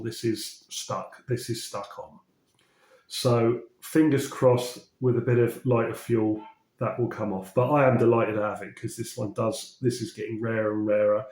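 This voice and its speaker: A man from England chatting casually about records he collected, his voice slightly croaky after a cold, enthusiastic and often correcting himself mid-sentence. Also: mid-range voice, a little mellow. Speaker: vinyl collecting vlogger. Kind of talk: casual chat. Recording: roomy echo.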